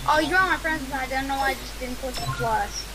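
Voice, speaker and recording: A woman's voice: sits high, fast, pushed and bright, slight background noise, rough recording. A woman chatting playfully as a fellow player on a game stream. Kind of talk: casual gaming chat.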